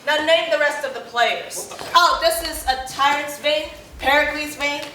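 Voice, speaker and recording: A woman's voice: high-pitched, fairly even intonation, measured pace, bright, forceful tone. A woman playing a boastful, hammy male weaver who wants every part, declaiming with showy bombast on a college stage. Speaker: stage actor. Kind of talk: live college stage performance. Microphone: distant room mic. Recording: roomy stage audio from far off with faint noise.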